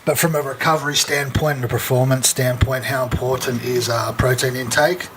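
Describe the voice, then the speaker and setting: A man from Australia hosting a casual podcast interview, asking halting, hesitant questions. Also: medium pitch, fairly even intonation, a bit bright. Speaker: podcast host. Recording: noticeable background noise.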